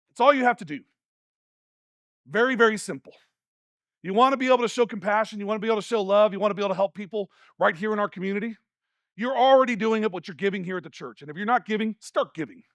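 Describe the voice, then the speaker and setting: A man preaches from a church stage, his voice sitting high for a man. He tells the story with jokes and asides, and the sound is close and dry. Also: quick pace, dry recording. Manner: animated, jokey storytelling with rants. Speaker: pastor. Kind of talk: sermon.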